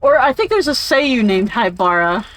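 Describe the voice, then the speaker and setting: A woman's voice: a little high, sing-song, moderate pace, a bit bright, no echo, rough recording. A woman casually commentating while playing a game, rambling and swearing freely. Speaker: let's play streamer.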